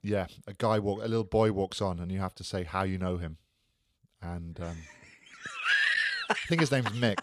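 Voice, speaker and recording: Deep-voiced man, rambling podcast chat. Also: moderate pace, long pauses, raised voice, very noisy. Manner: enthusiastic, rambling storyteller. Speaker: podcast co-host. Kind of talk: casual chat.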